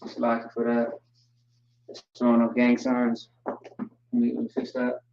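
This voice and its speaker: A man's voice: mid-range voice, vocal fry, slight background noise. Guy running an online language class, chill and jokey, sounds far from the mic in an echoey room. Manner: relaxed, joking, spells words out slowly. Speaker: language teacher. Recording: distant, roomy, dull mic sound.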